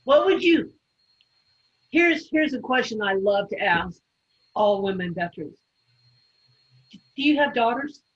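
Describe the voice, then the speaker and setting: A woman hosting an interview over a video call, relaxed and full of fillers. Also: mid-range voice, unhurried, pauses often, slightly rough, dull audio. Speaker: interviewer host.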